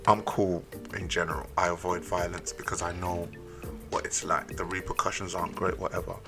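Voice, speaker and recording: A man's voice: sits low, brisk, over music. A man, a podcast guest, telling stories in casual chat and dropping to a near-whisper for emphasis. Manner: animated storyteller, drops to near-whisper for emphasis.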